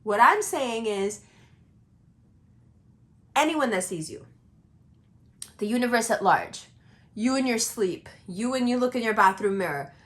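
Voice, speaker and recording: Young woman, fairly high voice, casual astrology reader, blunt and emphatic, swears, swings from slow and low to fast and high. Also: animated, a bit bright. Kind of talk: casual tarot reading monologue.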